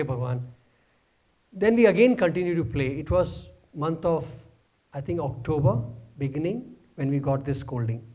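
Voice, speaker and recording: A man telling a lively personal story in a talk, acting out sounds and laughing along. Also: fairly high pitch. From India. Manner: animated, mimics sounds, laughs while telling. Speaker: speaker.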